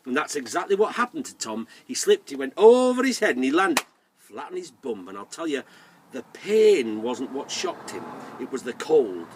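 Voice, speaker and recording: A man telling a folk tale to children in a lively way, inviting the listeners to join in. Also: medium pitch, normal speed, distant mic, slight background noise. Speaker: storyteller. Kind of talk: oral storytelling for children.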